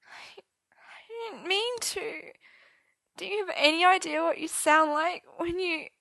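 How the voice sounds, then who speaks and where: A woman's voice: extremely high pitch, fairly even intonation, normal speed, gravelly, bright, forceful tone, no room sound, voice pushed up, full character voice. A woman doing a weeping heartbroken young man. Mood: tearful. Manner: tearful, half-whispered. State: crying.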